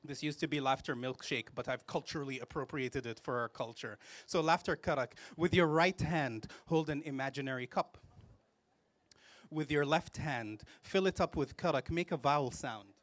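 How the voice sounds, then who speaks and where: A man's voice: fairly high pitch, moderate pace, a bit bright, no echo. A man leading a laughter yoga workshop for a live group, playful, giving step-by-step instructions between bursts of laughter and cheers. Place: festival event space with a live audience.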